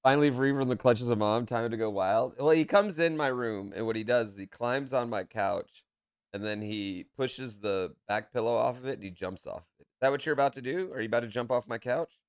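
A man streaming a game from a room at home, chatting in a playful way that swings between low muttering and loud calls. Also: a little fast, smooth, dry recording, clean studio sound. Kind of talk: live gameplay commentary.

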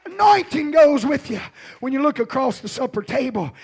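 A man preaching a revival sermon as pastor in a church, hollering in rising shouted refrains. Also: very high-pitched, very animated, moderate pace, gravelly.

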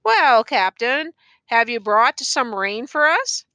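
A woman reading the part of an older farmer who has just lost his son, asking short, halting questions in an audiobook. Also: fairly high pitch, big pitch swings, pushed and bright, clean tone, dry recording, heavily acted. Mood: shaken, dazed. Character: grieving older white farmer father, man.

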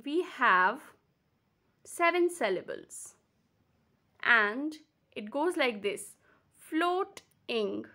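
A woman teacher from Kashmir with an Indian English accent, patiently explaining a lesson and repeating words slowly, syllable by syllable. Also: fairly high pitch, sharp tone. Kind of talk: slow classroom explanation.

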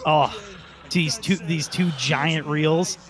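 Higher-voiced rambling "dude" guy. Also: fairly even intonation, slow, fairly bright tone. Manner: rambling, says "dude" a lot, chuckles. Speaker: let's play co-host. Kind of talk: casual gaming chat.

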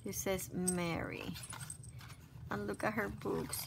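A woman's voice: medium pitch, takes it slowly, creaky. A woman vlogger at home, gushing and exclaiming as she opens crafted mail in casual unboxing chat. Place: at home by her desk. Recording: noisy background hiss.

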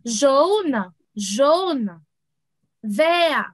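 A young woman teaching an online lesson for children, repeating each word slowly and laughing often. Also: high-pitched, very animated, dry recording, poor audio. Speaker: French teacher for kids.

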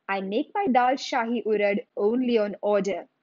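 A woman voicing a proud, stubborn male cook who speaks calmly and bluntly in a storybook reading. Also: medium pitch, moderate pace, no room sound, muffled recording, lightly acted. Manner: calm and blunt.

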